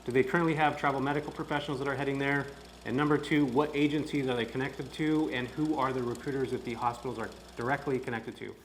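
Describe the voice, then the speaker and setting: A man's voice: medium pitch, steady tone, quick pace, slight background noise. Upbeat chatty man vlogging to camera. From California. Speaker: real estate vlogger. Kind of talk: casual vlog to camera.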